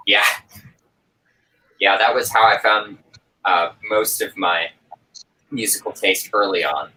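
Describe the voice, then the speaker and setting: A man's voice: lowish voice, slow, a little hiss or hum, low-quality recording. A man chatting casually on a group video call, talking with enthusiasm and many filler sounds. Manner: relaxed, enthusiastic, with frequent "uh" fillers. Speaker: host of a watch-along chat.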